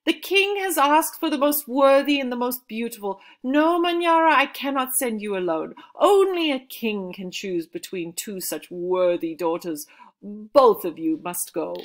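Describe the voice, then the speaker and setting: A woman's voice: fairly high pitch, animated, unhurried, voice pushed up. A woman voicing a proud, loving father who speaks firmly to his daughters.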